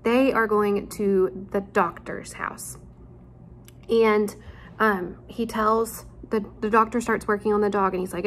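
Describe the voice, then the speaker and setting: A woman's voice: medium pitch, flat delivery, a little slow, slight background noise. A woman teacher at home, chatting casually with her students and retelling a story in an informal way, with frequent ums and asides. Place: at home, near a laundry room.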